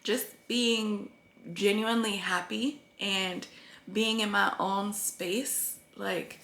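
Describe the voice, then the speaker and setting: A woman's voice: medium pitch, steady tone, takes it slowly, vocal fry, a bit bright, roomy sound. A woman talking earnestly to her viewers in a rambling vlog about her weight-loss progress. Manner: earnest, rambling, tearful at times. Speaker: vlogger.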